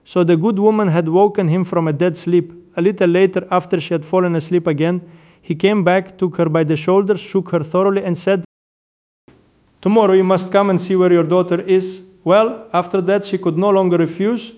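Older monk, sermon, high voice, measured and reverent. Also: male voice, fairly even intonation, darkish tone. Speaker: Orthodox monk.

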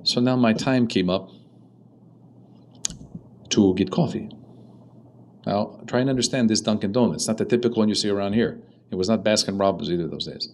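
Orthodox priest, male, low-ish voice; chatty anecdotal sermon, light room noise. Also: moderate pace, long pauses, rough recording. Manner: conversational, animated storytelling with quoted dialogue. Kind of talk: storytelling sermon.

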